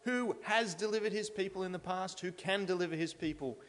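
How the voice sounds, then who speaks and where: A man's voice: sits high, brisk, fairly bright tone. Earnest preacher, man, hall reverb. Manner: earnest, builds to emphatic declarations. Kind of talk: expository sermon. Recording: long reverb of a large hall.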